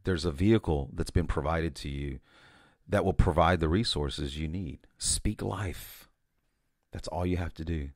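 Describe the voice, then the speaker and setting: A man's voice: extremely low pitch, unhurried, a little mellow, dry recording, clean studio sound. A man preaching an informal sermon, telling of a vision in a conversational way with frequent restarts and "you know". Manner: conversational, repeats words and restarts, says "you know" often.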